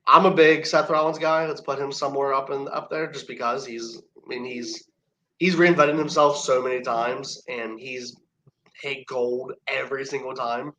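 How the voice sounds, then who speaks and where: Brief: male wrestler guest, bright forward tone, loose rambling storyteller with plenty of restarts. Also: mid-range voice, steady tone, normal speed, low-quality recording. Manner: rambling, laughs between stories, many restarts. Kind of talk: casual storytelling chat.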